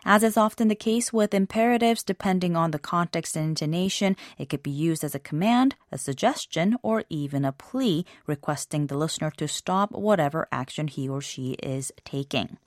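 A woman hosting a language lesson in scripted narration, explaining example phrases clearly and pronouncing them carefully. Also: low voice, moderate pace, few pauses, no room sound, studio quality.

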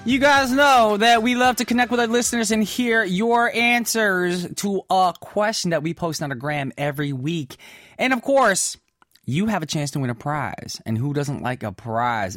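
A radio host reads listener messages in casual, playful chat, tossing in easy asides with lots of "mm-hmm" and "y'all." His high, fairly bright voice comes through in studio quality with no room sound.

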